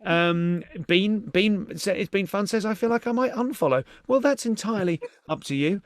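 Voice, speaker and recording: A man's voice: high voice, normal speed. A middle-aged man with a British accent hosting a live-streamed comedy podcast, chatty and giggly, often swearing as he greets viewers. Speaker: podcast host.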